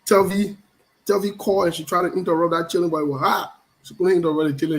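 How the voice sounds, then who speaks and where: A man's voice: sits high, a little fast, long pauses, fairly bright tone, rough recording. A middle-aged man hosts a casual live stream, greeting viewers by name in a playful, teasing way and repeating his phrases. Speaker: show host.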